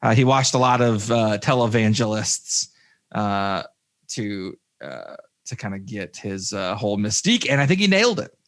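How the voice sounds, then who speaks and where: A man's voice: lowish voice, expressive, normal speed, fairly bright tone. Rambling man on a movie podcast. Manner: rambling, many fillers and restarts. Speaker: podcast co-host. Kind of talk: casual movie review chat.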